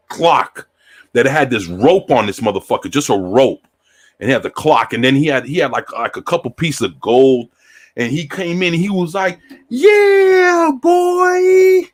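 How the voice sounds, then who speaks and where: A man's voice: mid-range voice, slightly rough. Laid-back, profane man in his forties. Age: 40s. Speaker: show host. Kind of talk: casual storytelling.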